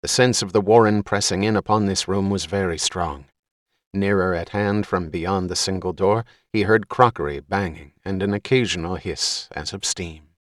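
A man giving steady, measured scripted narration as an audiobook reader. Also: low-pitched, no room sound, clean studio sound.

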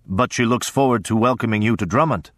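A male narrator voicing a big, hearty, quietly threatening older lord, loud and genial in an audiobook reading. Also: medium pitch, quick pace, no echo, lightly acted. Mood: hearty, jovial. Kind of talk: audiobook character voice.

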